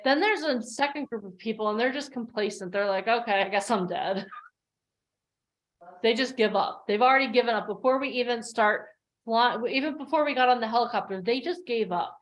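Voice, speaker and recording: Animated woman coaching on a video call. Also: a little high, a little fast. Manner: animated storyteller who acts out the voices in her stories. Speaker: coach hosting an online workshop. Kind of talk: motivational coaching talk.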